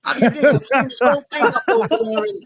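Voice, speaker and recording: A man's voice: very high-pitched, fast talker, crowd noise. A man putting on a swaggering street-tough character with a New York-style accent. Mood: brash. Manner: swaggering, boastful tough-guy talk.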